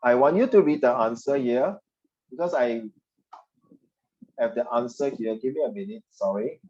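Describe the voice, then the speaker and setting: A man teaching a history class, animated and teasing, slipping Mandarin phrases into his English. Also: mid-range voice, normal speed, highs cut off. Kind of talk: classroom lecture.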